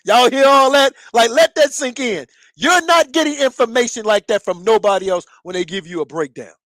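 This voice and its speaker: A man with a high voice co-hosting a podcast, joking and hyping up his partner. The sound is dry and close, with no room echo. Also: animated, normal speed, a bit bright. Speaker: podcast co-host. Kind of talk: casual chat.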